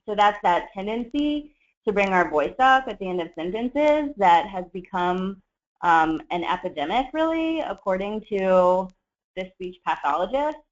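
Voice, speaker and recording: A trainer teaching a skills webinar in a measured, explanatory way, with frequent fillers. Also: medium pitch. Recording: dull lo-fi webinar audio.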